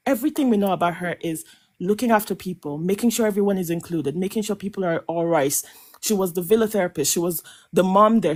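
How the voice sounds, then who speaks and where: Impassioned woman, halting emphatic rant. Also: medium pitch, a little mellow. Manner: emphatic, halting with many restarts and stammered repeats. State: emotional. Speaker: panel guest on a reality show podcast. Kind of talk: impassioned live panel commentary.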